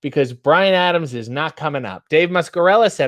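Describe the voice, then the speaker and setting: A man's voice: a little high, lively intonation, brisk, hardly any pauses, a bit bright, dry recording. A man hosting a casual livestream, reading viewer comments aloud and riffing on them with wry, playful asides. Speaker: streamer, show host.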